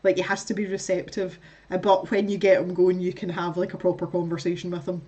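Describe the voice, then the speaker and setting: A woman's voice: lowish voice, flat delivery, quick pace, warm tone. A woman chatting casually while crafting on a livestream, telling stories, reading out chat comments and laughing often.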